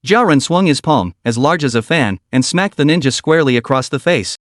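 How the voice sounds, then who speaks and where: A man's voice: fairly high pitch, animated, brisk, hardly any pauses, dry recording, clean studio sound. A man narrating a comic recap as a dramatic scripted story.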